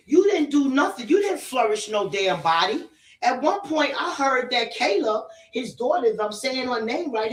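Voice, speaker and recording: A woman giving a casual, ranting commentary, blunt and profane, hammering her points home by repeating them. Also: high voice. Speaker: spiritual messenger and celebrity commentator. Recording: roomy echo, distant from the mic.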